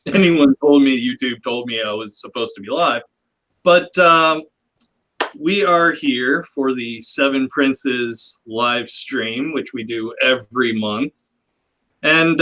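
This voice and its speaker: Man, livestream host, casual rambling chat, self-deprecating, clear bright voice, easygoing pace. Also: medium pitch, rough recording.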